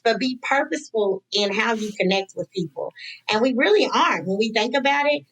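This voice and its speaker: Podcast guest, woman, 30s, animated storyteller, slightly high voice. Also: a little fast, a little hiss or hum, poor audio. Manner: animated, acts out quoted dialogue. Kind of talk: casual conversational storytelling.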